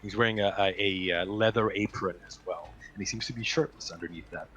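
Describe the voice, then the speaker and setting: A man narrating a tabletop game as game master in a relaxed, descriptive way. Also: lowish voice, fast talker, a little hiss or hum.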